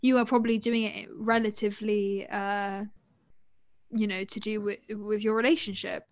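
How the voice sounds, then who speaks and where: A woman's voice: mid-range voice, flat delivery, moderate pace, no echo, clean studio sound. A young woman, co-hosting a podcast in casual chat, laughing often and talking in loose, filler-filled runs. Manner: giggly, chatty, many fillers. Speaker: podcast co-host.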